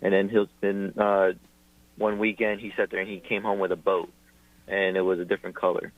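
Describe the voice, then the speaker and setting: Low-voiced man on a tinny phone line. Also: little pitch movement, a little fast. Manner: amused, rising up when exasperated. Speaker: caller. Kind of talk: casual call-in chat.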